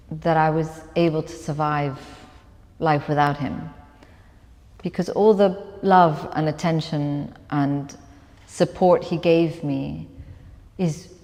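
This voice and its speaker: A woman's voice: fairly low pitch, a little mellow. A woman author telling a personal story at a live onstage conversation, reflective and laughing often. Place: event room with long reverb. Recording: live talk with hall reverb.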